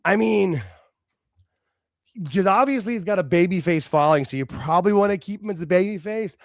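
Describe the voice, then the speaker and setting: A man co-hosting a casual wrestling talk show, excitable, talking in quick bursts with laughs and restarts. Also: high voice, dry recording, clean studio sound. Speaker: podcast co-host.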